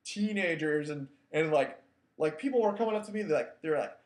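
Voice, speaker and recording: A man's voice: a little high, animated, fairly quick. A man with a slightly raised voice tells a story from his own life in a loose, wry, self-mocking way, peppering it with filler words. He sounds like a show host chatting casually. The recording has an echoey, roomy sound. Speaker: podcast host. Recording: echoey room.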